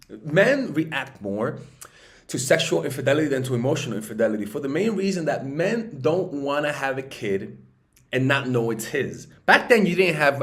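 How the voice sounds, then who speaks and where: Speaking informally as a dating coach, a man uses profane, blunt language and repeatedly checks in with "right?" and "okay?". As he drives a point home, he gets louder and his pitch rises.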